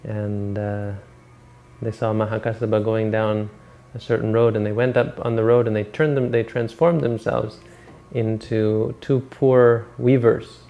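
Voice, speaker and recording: A man giving a dharma talk, retelling a story in a relaxed, rambling way and correcting himself as he goes. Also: lowish voice, measured pace, gravelly, dull audio. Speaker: meditation teacher.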